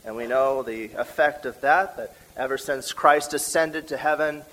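A man with a Midwestern American accent preaching a teaching sermon, slowing down to stress key words. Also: mid-range voice, a bit bright, low-quality recording.

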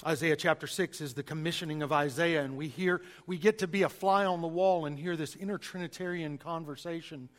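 A man with a Southern US accent giving an emphatic, lively sermon-style Bible lesson to a church group, with folksy asides. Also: on the high side, brisk, few pauses. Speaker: preacher teaching a class.

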